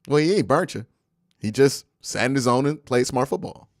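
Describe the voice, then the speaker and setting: A young man talks straight into a close microphone on his live stream, animated and argumentative as he answers his viewers' messages. His voice swings up and down a great deal. The sound is dry, with no room around it. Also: medium pitch, normal speed, dry recording. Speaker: host of a live football post-game stream. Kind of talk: casual live-stream commentary.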